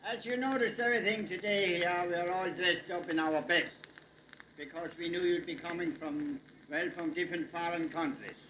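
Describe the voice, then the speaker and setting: A man with a Pennsylvania Dutch accent giving a live dialect comedy monologue with folksy, deadpan storytelling. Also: high voice, normal speed. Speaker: dialect humorist. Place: hall with a live audience. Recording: echoey 1962 live hall recording with hiss.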